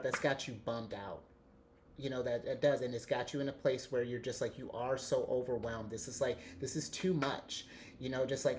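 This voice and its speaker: A man giving a casual tarot reading, excitable and rambling, often restarting his sentences and laughing. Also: mid-range voice, normal speed, pauses often, a little hiss or hum. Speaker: tarot reader.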